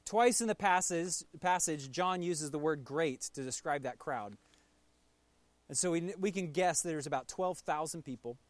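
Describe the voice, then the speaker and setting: A man preaching a conversational sermon as pastor, telling the story in a relaxed way with playful asides. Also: fairly high pitch, moderate pace, no room sound.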